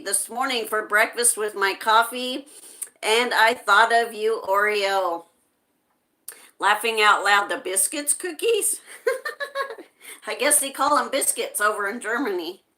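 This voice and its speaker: Reading chat messages aloud on her livestream, an American woman speaks slowly and chattily with lots of laughter. Her voice sits fairly high and sounds bright and forceful.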